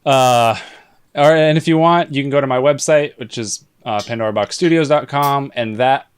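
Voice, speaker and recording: A man's voice: medium pitch, normal speed, clear, resonant tone. A man co-hosting a podcast in casual chat, blunt and opinionated, swearing now and then. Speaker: podcast co-host.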